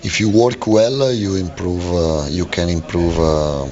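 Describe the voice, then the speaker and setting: A football manager giving a halting post-match radio interview, full of fillers and restarts, on a lo-fi broadcast. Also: male voice, sits low, steady tone, a little mellow.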